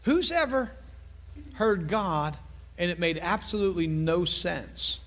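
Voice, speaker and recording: A middle-aged male pastor preaching a sermon, telling a story with lively asides and repeated phrases. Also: high voice, slow pace.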